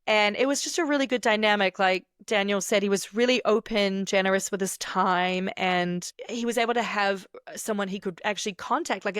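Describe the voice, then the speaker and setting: A woman hosting a podcast, telling stories in casual chat and quoting people with animated bursts. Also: medium pitch, clear, resonant tone, no echo, clean studio sound. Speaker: podcast host.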